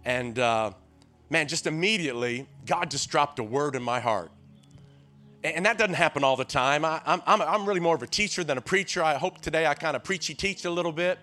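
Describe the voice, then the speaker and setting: A man's voice: on the high side, fairly quick, soft background music. A man in his sixties with a Tennessee accent, preaching a sermon as a guest preacher, telling folksy stories and calling out to the crowd. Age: 60s. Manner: lively call-and-response, keeps urging the crowd on; folksy storytelling with frequent restarts.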